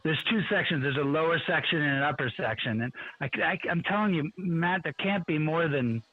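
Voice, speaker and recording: A man who writes on college football, a guest telling stories in an animated way on a radio show. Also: fairly high pitch, a little fast, phone-quality sound. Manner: animated storyteller, acts out quotes. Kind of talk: storytelling in a radio interview.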